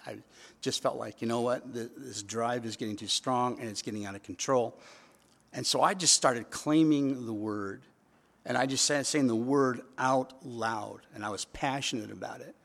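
A man's voice: mid-range voice, gravelly, a bit bright, in a large hall. A man preaching a sermon in a conversational way, with emphatic repeated phrases. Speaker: pastor.

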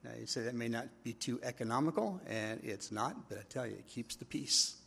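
A middle-aged man with a husky voice, preaching a sermon in a conversational way, telling stories and acting out quotes. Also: mid-range voice, animated, brisk, a bit bright. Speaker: pastor.

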